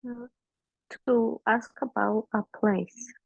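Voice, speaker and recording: A woman's voice: on the high side, steady tone, slow pace, vocal fry, no echo. A woman student giving brief, hesitant answers in class over muffled call audio.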